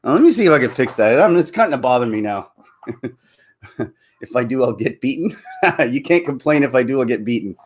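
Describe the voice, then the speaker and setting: Rambling, jokey man with a lively voice. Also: mid-range voice, brisk. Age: middle-aged. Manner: rambling, jokey, laughs often. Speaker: channel host. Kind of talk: casual live-stream chat.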